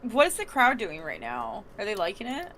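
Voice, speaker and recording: A woman playing a tabletop wrestling game, unhurried and giggly, thinking aloud as she describes her moves. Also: medium pitch, huge pitch swings, pushed and bright, slight background noise. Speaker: player. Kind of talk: casual tabletop role-play.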